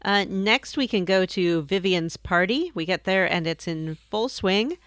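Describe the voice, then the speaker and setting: A woman's voice: mid-range voice, lively intonation, a little slow, a bit bright, no echo. Dry-voiced woman on a gaming podcast. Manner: dry, teasing, matter-of-fact. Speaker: podcast co-host. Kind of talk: casual gaming podcast chat.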